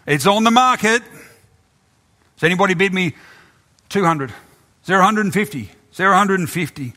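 A man voicing a brisk, insistent male auctioneer who presses the room for bids with raised calls. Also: high-pitched, expressive, pushed and bright, pitched above the performer's own voice.

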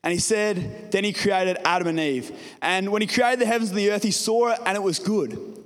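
High-voiced man preaching in a hall. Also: normal speed. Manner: casual storytelling, addresses the congregation directly. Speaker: pastor. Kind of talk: sermon with personal story. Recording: reverberant hall.

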